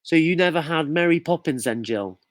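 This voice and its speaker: A man's voice: a little high, animated, normal speed, no echo. A man from the UK hosting a casual live quiz, jokey and chatty as he reads out viewers' comments. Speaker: quiz host.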